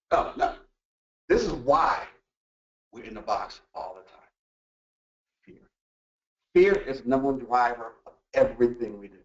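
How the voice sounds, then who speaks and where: A man presenting a motivational workplace talk, animated and full of rhetorical questions. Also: medium pitch. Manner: animated, acts out quoted voices and asks rhetorical questions. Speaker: workshop presenter. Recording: echoey room, distant mic, dull lo-fi sound.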